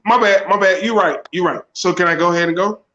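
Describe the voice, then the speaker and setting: A man's voice: sits high, fast, sharp tone. Brash, profane man on muffled audio. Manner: brash, profane, rattles off picks. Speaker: podcast co-host. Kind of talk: casual sports podcast chat.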